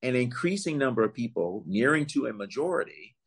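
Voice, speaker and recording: A man giving long, measured answers as a legal expert in an interview, explaining points carefully with some fillers and emphatic rises. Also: mid-range voice, big pitch swings, breathy edge. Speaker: voting rights legal expert, guest.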